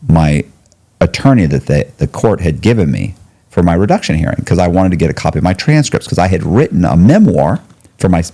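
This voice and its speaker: A man with a very low, dark voice tells a long story as a podcast guest. His pitch swings widely, and it leaps way up whenever he acts out what other people said. He speaks casually, like he is chatting. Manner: animated, jumps to high pitch when quoting others. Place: podcast studio.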